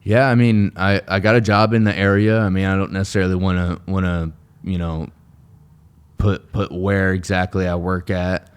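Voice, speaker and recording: A man's voice: deep voice, level tone, moderate pace, clear, resonant tone. A man in recovery from addiction, talking earnestly as a guest in a casual interview, rambling with many restarts and fillers.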